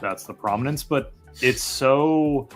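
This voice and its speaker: A man's voice: medium pitch, slow pace, faint music behind. A man co-hosting a live stream, talking enthusiastically in a loose, rambling way. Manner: enthusiastic, rambling, frequent fillers. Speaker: co-host of a fragrance live stream. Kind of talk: casual chat.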